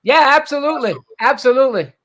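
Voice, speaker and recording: A man from Brooklyn hosts a casual talk show with a high voice. He gets excitable and keeps repeating phrases. He sounds eager and loose. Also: fast. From Brooklyn, New York. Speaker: host.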